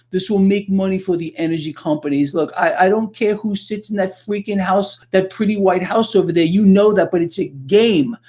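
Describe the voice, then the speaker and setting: A man hosting a livestream, ranting in an animated, sarcastic way that flares into loud outbursts. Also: sits high. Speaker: livestream host. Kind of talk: unscripted livestream rant.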